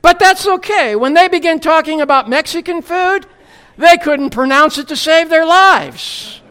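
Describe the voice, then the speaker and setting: Slow, high-voiced wry preacher. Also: fairly bright tone. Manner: wry, humorous asides before earnest scripture teaching. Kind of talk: sermon.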